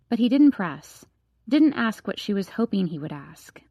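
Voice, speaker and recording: A woman's voice: mid-range voice, sing-song, normal speed, warm tone, no room sound. Woman narrating an audiobook, dry and close. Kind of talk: scripted narration.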